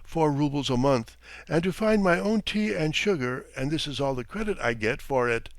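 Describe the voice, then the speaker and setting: A man's voice: a little high, animated, moderate pace, no room sound, voice pushed up. A man voicing a tearful, indignant female servant who protests plaintively against her master.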